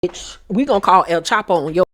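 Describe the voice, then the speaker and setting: Sassy, loud-mouthed woman doing a TV recap. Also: on the low side, dry recording, clean studio sound. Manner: sassy, blunt and profane, bursts into loud outbursts. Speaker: reality TV recap YouTuber. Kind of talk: casual episode recap commentary.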